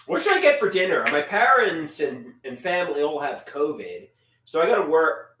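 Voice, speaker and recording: A man's voice: a little high, very animated, normal speed, fairly bright tone. A man hosting a casual livestream, rambling and reading out viewer comments. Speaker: livestream host. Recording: echoey room, distant mic.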